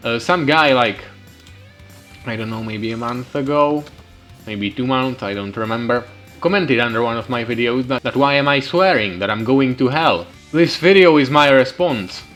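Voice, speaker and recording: A man's voice: mid-range voice, moderate pace, a bit bright. A young man giving sarcastic, ranting commentary over a strategy game, swearing freely. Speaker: gaming channel host. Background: faint background music.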